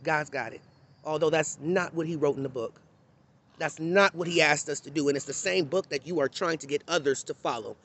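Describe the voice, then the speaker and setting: A man's voice: fairly high pitch, a little fast, a bit bright. A man giving an unscripted, blunt and impassioned monologue to camera in a candid, conversational tone. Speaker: vlogger.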